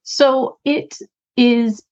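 A woman author being interviewed, talking in a soft, reflective way with frequent pauses and ums. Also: fairly high pitch, steady tone, highs cut off. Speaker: author and podcast guest. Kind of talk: casual interview chat.

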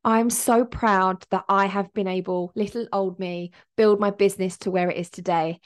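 A woman's voice: medium pitch, flat delivery, fairly quick. A woman in her thirties talks through a solo podcast episode. She speaks as a business coach, upbeat and motivational, sometimes emotional, with plenty of everyday fillers.

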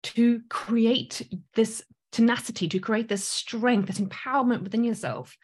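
A woman's voice: on the high side, a little slow, slightly rough. A woman in her thirties from South Africa with a mostly British accent and a light South African tinge, giving an earnest motivational coaching talk full of rhetorical questions. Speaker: business coach.

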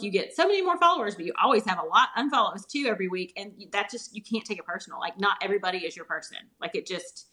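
A woman in her forties speaks with a Southern US accent in a bright, crisp tone. She rattles along at a fast clip in casual podcast chat, animated and laughing often. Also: mid-range voice. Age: 40s. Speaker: guest, holistic nutritionist.

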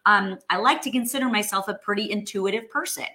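A woman's voice: medium pitch, fast talker, bright, forceful tone. A woman, hosting a casual live stream, chatting with viewers, greeting them by name and filling in with lots of ums and restarts. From New York. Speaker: host of live stream, sales coach.

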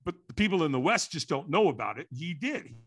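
Lively, bright-voiced man telling a story. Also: fairly high pitch, brisk. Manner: lively, acts out quotes and sounds. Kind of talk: animated storytelling.

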